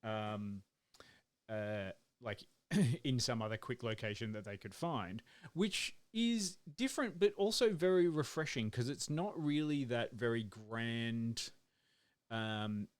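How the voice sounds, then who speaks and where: A man's voice: medium pitch, slow. A man co-hosting a podcast in casual live-streamed chat, joking and teasing with frequent laughs. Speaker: podcast co-host.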